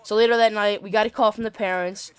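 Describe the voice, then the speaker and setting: A man's voice: high voice, fairly even intonation, fast talker, a bit bright, clear, resonant tone, dry recording. A teenage boy casually telling a story over gameplay, rambling with lots of fillers and casual swearing. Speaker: gaming channel host.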